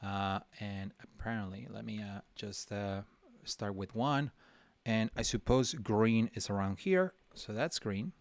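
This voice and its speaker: A man's voice: lowish voice, a little slow, dry recording. A man teaching a live drawing session in a casual way, thinking aloud, talking to himself and mocking himself playfully as he works. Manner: thinks aloud while working, talks to himself; chatty with frequent restarts and fillers. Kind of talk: casual livestream tutorial.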